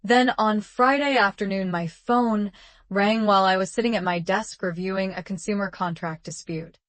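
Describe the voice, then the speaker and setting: A woman narrating a first-person drama story in a calm, measured, even way. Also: medium pitch, dry recording.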